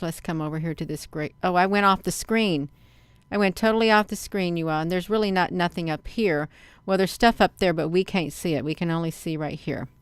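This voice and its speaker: A woman's voice: sits low, clear, resonant tone. A middle-aged woman vlogging, rambling chattily over a webcam feed and often addressing viewers as "you all.". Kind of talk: casual commentary on a webcam feed.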